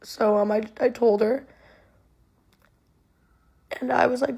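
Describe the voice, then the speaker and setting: A woman's voice: mid-range voice, level tone, normal speed, creaky, pauses often, a little mellow, breathy edge. A young woman telling a personal story in a conversational way, with many ums and likes, her voice sounding emotional and near tears.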